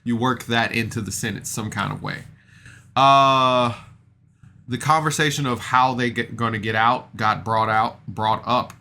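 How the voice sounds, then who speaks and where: A man's voice: mid-range voice, measured pace, bright, forceful tone. A man recapping a podcast episode in a casual, rambling way, self-deprecating and full of fillers and restarts. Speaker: podcast reviewer.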